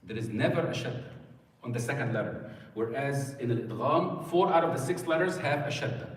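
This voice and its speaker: Teacher in an echoey mosque hall. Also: male voice, mid-range voice, expressive, a little fast. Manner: patient, asks students questions. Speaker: Quran recitation teacher. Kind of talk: classroom lesson. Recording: echoey hall, mic far off.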